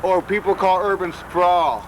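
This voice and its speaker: A man's voice: high voice, measured pace, heavy background noise. A man hosting a public-access TV show outdoors, a bit out of breath, rambling in a loose, profane way. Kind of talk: rambling talk to camera. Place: outdoors at a friend's house.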